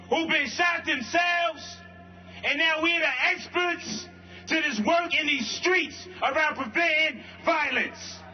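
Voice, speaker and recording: A man from Brooklyn giving a protest rally speech, shouting call-and-response lines in street slang. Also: extremely high pitch. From Brooklyn, New York. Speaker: rally speaker, violence-prevention worker. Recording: lo-fi livestream with crowd. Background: faint crowd.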